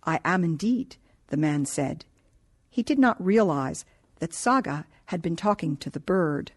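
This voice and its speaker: A woman narrating a novel in a calm, measured reading voice. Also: sits low, breathy edge. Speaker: audiobook narrator. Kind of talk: scripted narration.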